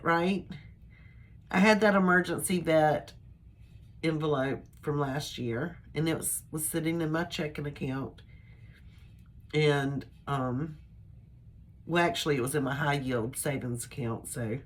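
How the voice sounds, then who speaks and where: An older woman chatting casually to her camera, rambling in a chatty, homespun way. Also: low voice. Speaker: vlogger. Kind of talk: casual personal chat to camera.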